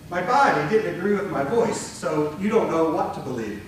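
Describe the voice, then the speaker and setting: A man leading a conference workshop on public speaking, talking in a conversational, animated way to an audience. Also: fairly high pitch, a little fast, few pauses, recorded from a distance, a little hiss or hum. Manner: conversational, animated, demonstrates tones with his voice. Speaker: workshop presenter. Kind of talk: conference breakout talk. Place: conference room before an audience. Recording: very echoey room recorded from afar.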